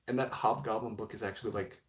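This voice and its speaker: A man's voice: on the low side, fairly even intonation, quick pace. A young man chatting casually on a live stream about comic books, rambling and filling with 'like' and 'you know'. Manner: rambling, heavy with filler words.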